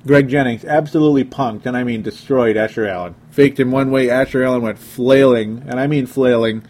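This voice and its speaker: A man's voice: mid-range voice, steady tone, brisk, a little mellow. A young man hosting a casual sports talk show, reading listener comments aloud and joking around. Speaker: sports podcast host.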